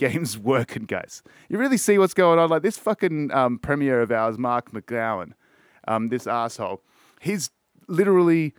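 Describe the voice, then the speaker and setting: A man's voice: medium pitch, no room sound, studio quality. An Australian man hosting a podcast, ranting in casual chat with constant swearing and repeated words. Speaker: podcast host.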